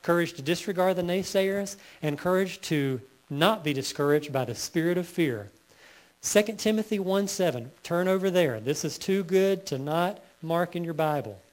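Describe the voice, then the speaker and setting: A male pastor preaching a sermon, reading scripture slowly and building to emphatic peaks. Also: sits high, animated.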